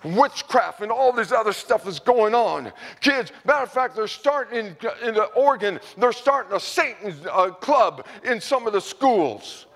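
High-voiced fervent preacher man. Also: lively intonation, normal speed, hardly any pauses, long reverb tail. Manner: fervent preaching, bursts into shouted praise; rambling with restarts and repeats. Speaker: pastor. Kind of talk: sermon. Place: church.

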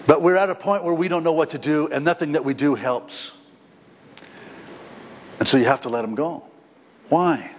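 A man's voice: mid-range voice, fairly even intonation, a little fast. A middle-aged man preaching a sermon as a pastor, emotional, with stammered repetitions and a voice that climbs when he speaks as the prodigal son. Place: church stage. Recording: long hall reverb, faint noise.

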